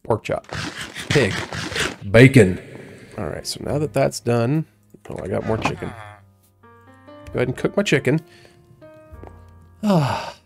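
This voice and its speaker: Gravelly man rambling over gameplay. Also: mid-range voice, lively intonation, slow pace, long pauses, soft background music. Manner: rambling, self-talking, playful. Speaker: gaming YouTuber. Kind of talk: casual Let's Play commentary.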